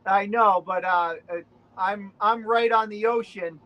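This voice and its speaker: Chatty Boston-accented man, higher voice. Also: fairly even intonation, a little slow, pushed and bright, poor audio. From Rhode Island. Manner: rambling, chatty, with many fillers. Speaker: guest. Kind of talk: casual chat on a video call.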